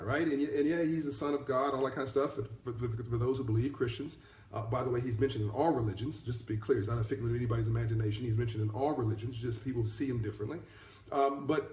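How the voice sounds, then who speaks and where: A man's voice: mid-range voice, darkish tone. A middle-aged man giving a motivational talk on a live stream, repeating his key lines and rambling with restarts. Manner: rambling, many fillers and restarts. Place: in South Africa, on a live broadcast. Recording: echoey room.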